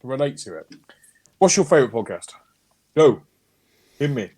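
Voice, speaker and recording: A man co-hosting a casual podcast, chatting with animated energy and plenty of swearing. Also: mid-range voice, normal speed, slightly rough, no room sound. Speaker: podcast co-host. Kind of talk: casual banter.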